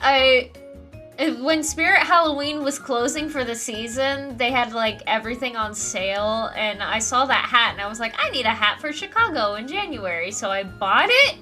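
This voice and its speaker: A woman's voice: fairly high pitch, lively intonation, normal speed, sharp tone, soft background music. A young woman streamer chatting casually about a trip, rambling and laughing often. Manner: giggly, rambling, frequent laughter.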